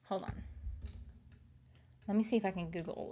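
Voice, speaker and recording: A woman with a light Southern accent talks casually to her viewers. Her speech rambles and she keeps correcting herself mid-sentence. Her pitch sits in an ordinary middle range. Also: steady tone, moderate pace, long pauses, mellow. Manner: rambling, chatty, self-correcting with restarts. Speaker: YouTube host. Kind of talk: casual chat.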